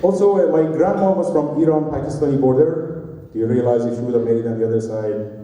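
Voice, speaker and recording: A man's voice: mid-range voice, fast, dark tone, muffled recording. A man in his forties hosting a company party, telling self-mocking jokes between acts. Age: 40s. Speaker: event emcee. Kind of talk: stand-up comedy hosting. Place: large party hall. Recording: distant, roomy hall recording.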